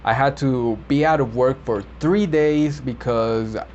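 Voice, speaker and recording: A man who works as a medical interpreter, explaining vocabulary in a relaxed, rambling way with many fillers and self-corrections. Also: mid-range voice, a little slow. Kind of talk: casual explainer video. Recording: slightly dull lo-fi audio with faint background noise.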